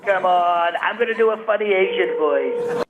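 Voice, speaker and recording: A man's voice: sits high, moderate pace, noisy background, lightly acted. A man doing a blustering, clueless billionaire president. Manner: blustering, self-satisfied, rambling. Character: brash, boastful, clueless male billionaire president. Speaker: sketch actor. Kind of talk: comedy sketch phone call.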